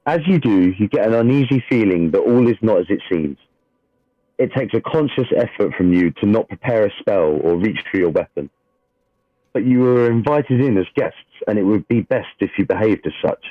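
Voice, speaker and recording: A man's voice: lowish voice, expressive, no room sound. A man reading a fantasy game recap aloud and joking casually between readings. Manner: jokey, swears casually, reads narration slowly. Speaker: player reading the session recap. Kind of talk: casual chat and read-aloud fantasy narration. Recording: dull lo-fi dry sound.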